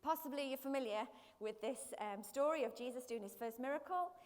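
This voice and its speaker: A woman gives a lively sermon in church, her voice high and bright. Her words ring out with the long reverb of a large hall, caught on a live stream. She breaks into quick everyday voices to make her points. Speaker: preacher.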